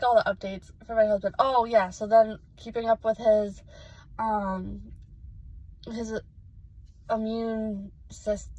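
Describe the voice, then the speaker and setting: A woman's voice: fairly high pitch, a little mellow, no echo, low-quality recording. A young adult woman giving a casual vlog update, rambling and emotional with many fillers. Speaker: vlogger.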